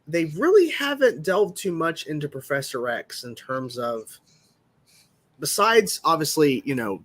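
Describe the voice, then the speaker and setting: A male stream host chats casually, his pitch jumping all over in an animated way. He rambles and restarts his sentences often. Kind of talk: casual live-stream chat.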